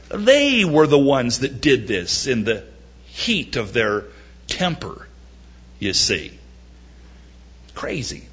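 A male pastor delivering a sermon with a lively, swinging pitch and a slightly husky voice. He acts out quoted laments with mock drama and drops dry jokes between unhurried, emphatic points. The recording sounds dull and lo-fi. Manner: animated, dramatic quoting with mock-wailing and wry humor.

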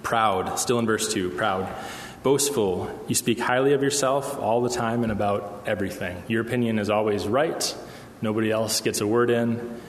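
Guy pastor preaching, lowish voice, keeps saying okay, echoey church hall. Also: fairly even intonation, moderate pace. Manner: conversational, asks the room "okay?" often. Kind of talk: sermon. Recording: echoey hall with long reverb.

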